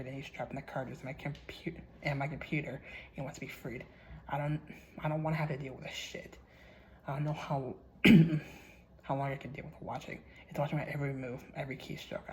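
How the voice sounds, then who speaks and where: A man's voice: mid-range voice, slight background noise, rough recording. A man hosting his channel, casually reading a horror story aloud in a plain, unacted voice, stumbling over and repeating words and swearing freely.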